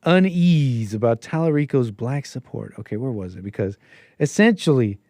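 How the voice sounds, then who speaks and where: Guy rambling on his politics stream, laughing, thinking out loud, dry mic. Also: medium pitch, expressive, normal speed, no echo. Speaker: host. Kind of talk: casual political commentary stream.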